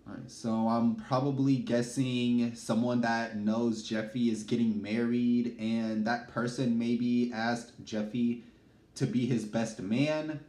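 A man's voice: mid-range voice, fairly even intonation, slow pace, warm tone. A man hosting a YouTube reaction video, chatting casually in hyped, slangy talk. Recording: echoey room with faint noise.

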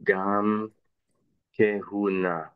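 Slow, hesitant man on a dull line. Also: on the low side, little pitch movement, clear, resonant tone, no room sound. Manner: hesitant, with many fillers. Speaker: student. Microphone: video call.

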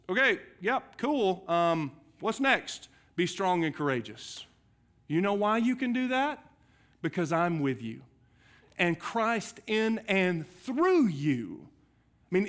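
A middle-aged man, preaching a sermon in a church in an earnest, conversational way, often restarting his words. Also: high voice. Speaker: pastor. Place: church sanctuary.

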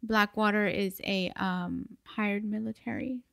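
A woman's voice: mid-range voice, fairly even intonation, unhurried, creaky, fairly bright tone, no room sound, clean studio sound. An American woman co-hosting a podcast in casual chat, laughing often and swearing lightly. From United States. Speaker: podcast co-host.

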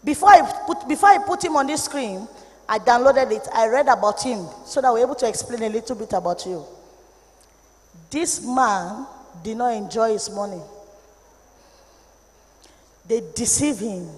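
A Nigerian woman preaches with fierce passion, her voice sitting high as she drops into grave warnings and then rises into shouted rebukes. The sound rings with a long echo, as if she is in a large church hall. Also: expressive, moderate pace, long pauses. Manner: impassioned, swings between low warnings and shouted rebukes. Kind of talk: sermon.

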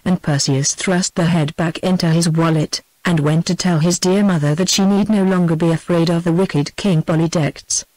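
A synthetic text-to-speech woman's voice with a British English accent, reading a storybook in an even, measured way. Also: on the low side, no room sound, low-quality recording. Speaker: audiobook narrator.

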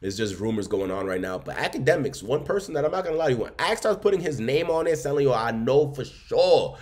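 A man's voice: mid-range voice, expressive, fast, a little mellow. A man hosting a reaction channel, giving blunt, emphatic opinions. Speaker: commentary channel host. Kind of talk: reaction commentary.

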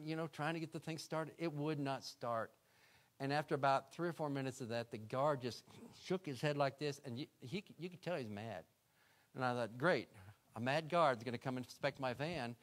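A man's voice: a little high, moderate pace, a bit bright. A middle-aged man, a guest speaker, telling a story in a sermon and acting out his own prayers.

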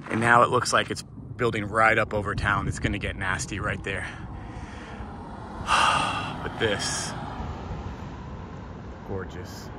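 A man's voice: fairly low pitch, flat delivery, a little fast. A man filming a storm chase vlog outdoors, marveling aloud at the sky and sometimes out of breath. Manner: awed exclamations, thinking aloud. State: out of breath at times. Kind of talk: excited outdoor vlog commentary. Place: outdoors on a hillside during a storm. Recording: outdoor camera audio with background noise.

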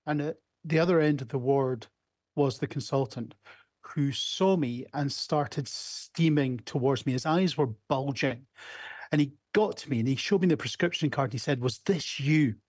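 Over a video call, a Scottish man in his fifties who works in emergency medicine delivers a conference keynote built on candid stories, with small restarts. He has a mid-range, slightly mellow voice at a moderate pace, in studio quality with no room sound.

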